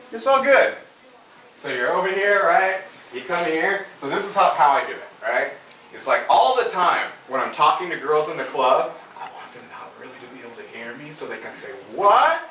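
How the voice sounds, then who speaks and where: Animated male dating coach, roomy sound. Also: a little high, fairly quick, far from the mic, a little hiss or hum. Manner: animated, demonstrative, laughs often. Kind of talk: coaching demonstration.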